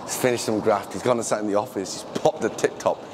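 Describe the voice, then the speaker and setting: A young man, hosting a casual vlog and telling stories in an animated, slangy way. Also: lowish voice, fast, noisy background. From England. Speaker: vlog host. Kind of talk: casual vlog chat and storytelling.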